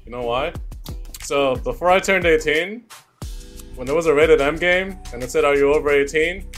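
A man's voice: fairly high pitch, moderate pace, a bit bright, soft background music. A man co-hosting a casual podcast chat, laid-back and joking, swearing freely. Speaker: podcast co-host.

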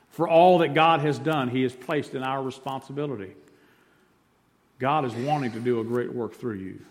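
Preacher in a reverberant hall. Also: male voice, medium pitch. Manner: emphatic preaching, repeats key points, swings loud and soft. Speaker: pastor. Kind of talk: sermon.

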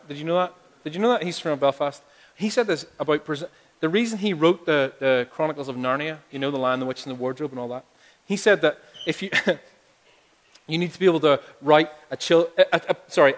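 Male preacher, chatty but rising to forceful emphasis, raised pitch, echoing sanctuary. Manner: conversational, building to emphatic appeals. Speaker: pastor. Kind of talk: sermon. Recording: long hall reverb.

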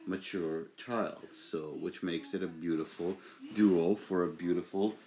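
A young man with a very deep voice hosts a homemade podcast. He rambles casually, stopping and restarting with plenty of fillers. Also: fairly even intonation, unhurried, a little mellow. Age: young adult. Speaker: podcast host.

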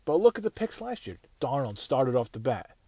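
A man in an angry, profane solo rant, circling back and restarting his sentences as he vents. His voice sits at an ordinary middle pitch, and the recording is dry and close with no room sound. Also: sing-song, normal speed, dark tone, husky, no room sound. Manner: angry, swearing, rambling with restarts. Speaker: podcast host.

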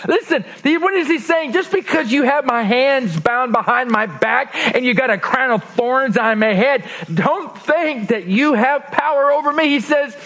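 A male pastor preaching a sermon, acting out quoted lines with lively swings between emphatic and soft, intimate tones. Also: very high voice, moderate pace, hardly any pauses. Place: church.

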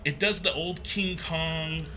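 Bright-voiced man telling a spooky story. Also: slow pace, a little hiss or hum. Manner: animated, acts out quotes with pitch jumps. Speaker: guest telling a ghost story. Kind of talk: casual storytelling.

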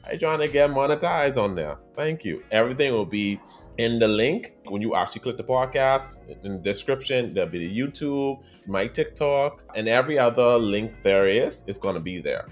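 A man with a Bahamian accent, hosting a podcast in a chatty, expressive monologue that speaks straight to his listeners. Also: medium pitch, moderate pace, soft background music. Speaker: podcast host.

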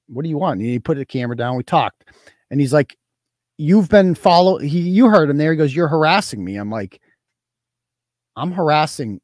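A man's voice: mid-range voice, darkish tone, no echo, clean studio sound. A man hosting a live weekend show, telling stories in a boastful, profane, offhand way. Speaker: host. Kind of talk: casual live-show chat.

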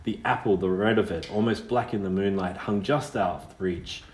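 Low-voiced man reading a story. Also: moderate pace, darkish tone, roomy sound. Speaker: audiobook reader. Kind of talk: storybook narration.

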